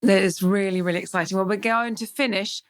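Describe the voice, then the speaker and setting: A woman's voice: mid-range voice, fairly even intonation, quick pace, clean tone. A woman hosting a podcast interview, asking questions in an encouraging way. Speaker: podcast host.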